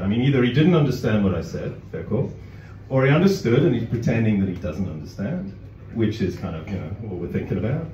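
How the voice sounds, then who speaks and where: A man's voice: on the low side, big pitch swings, quick pace, hardly any pauses, dark tone, a little hiss or hum. A man performing a stand-up comedy set in a club, chatty, breaking off with apologetic asides. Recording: roomy, distant, dull audience recording. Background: audience laughter.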